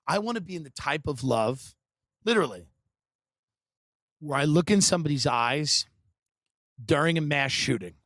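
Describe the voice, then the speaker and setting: A man hosting a podcast, riffing in a sarcastic, deadpan comedic monologue full of dark satire and sudden mimicked voices. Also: fairly high pitch, normal speed, long pauses, no echo. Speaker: podcast host.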